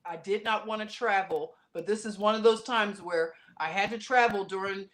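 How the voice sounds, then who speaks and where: A woman guest on a casual podcast tells a story with passion, animated and prone to sudden loud outbursts. She speaks in quick runs packed with restarts and fillers, in a mid-range voice.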